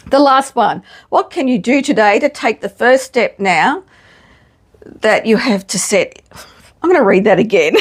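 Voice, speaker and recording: A woman's voice: mid-range voice, husky. A middle-aged woman, chatting casually to camera in a frank, self-mocking way and swearing freely. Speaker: vlogger. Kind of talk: casual chat.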